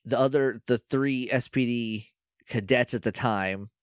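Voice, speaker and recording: A man's voice: mid-range voice, unhurried, clear, resonant tone, no room sound. Dry-sounding rambling podcast man. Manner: rambling, acts out quoted lines in silly voices. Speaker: podcast co-host. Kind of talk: casual recap chat.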